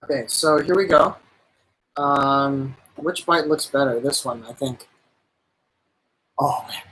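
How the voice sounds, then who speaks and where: A man's voice: medium pitch, unhurried, a bit bright, a little hiss or hum, low-quality recording. A man casually chatting on a live stream while cooking, rambling with lots of fillers and enthusiastic about the food.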